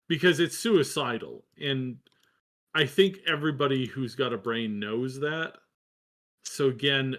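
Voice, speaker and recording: A man's voice: mid-range voice, fairly bright tone. A man co-hosting a live gaming news stream, giving wry, sarcastic commentary in casual chat.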